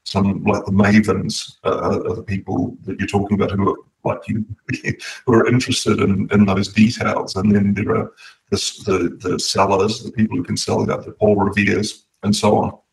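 A man with a low voice hosts a casual discussion and speaks in a measured, reflective way. He sounds a little distant from the microphone. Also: little pitch movement, creaky, a little hiss or hum.

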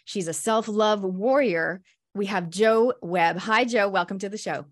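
A woman's voice: medium pitch, a little slow. A woman hosting an interview show, talking with effusive, gushing enthusiasm. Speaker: show host.

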